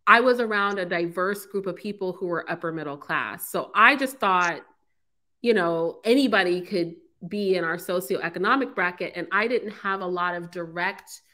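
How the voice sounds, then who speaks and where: Woman from san francisco hosting a call-in, bright punchy voice, gets fired up. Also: fairly low pitch, moderate pace. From San Francisco, USA. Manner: animated, emphatic, frank. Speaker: host. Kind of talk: casual call-in show chat.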